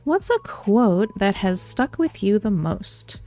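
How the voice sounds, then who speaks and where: A woman's voice: mid-range voice, big pitch swings, slow, mellow. Bubbly young woman streamer, giggly. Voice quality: giggly, bubbly, self-deprecating. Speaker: VTuber streamer. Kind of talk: casual Q&A livestream chat. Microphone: studio condenser mic.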